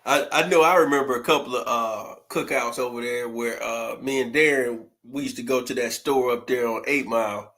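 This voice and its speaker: A man, co-hosting a casual chat and recalling old cookouts, often pausing on fillers. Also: mid-range voice, a bit bright. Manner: reminiscing, halting with fillers. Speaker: co-host.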